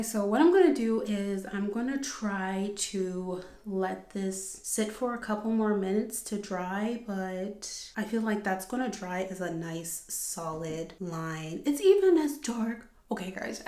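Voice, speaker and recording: A young woman talking casually to her viewers, emotional and often slipping into a hushed whisper. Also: mid-range voice. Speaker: vlogger. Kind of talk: casual vlog chat. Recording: echoey room.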